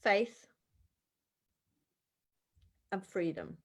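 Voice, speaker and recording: A woman chatting as a guest, animated and acting out the voices of people she quotes. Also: mid-range voice, very slow, husky. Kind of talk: casual conversation.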